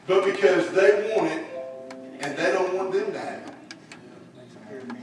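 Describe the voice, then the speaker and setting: A man's voice: sits high, lively intonation, a little slow, long pauses. A man teaching a church Bible lesson in a folksy way, putting questions to his class. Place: church room. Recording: echoey room, voice from far off, faint hiss.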